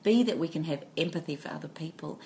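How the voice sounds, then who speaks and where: A woman's voice: deep voice, expressive, quick pace, creaky, warm tone, a little hiss or hum. A woman co-hosting a podcast in casual chat, reflective and storytelling, with many fillers. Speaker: podcast co-host.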